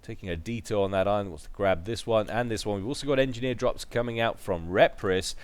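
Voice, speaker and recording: A man commentating a strategy match in a relaxed, chatty way. His voice sits a bit low, and he drops in joking asides between the calls. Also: fast, few pauses, smooth, no room sound. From United Kingdom. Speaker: game commentator. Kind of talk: casual play-by-play commentary.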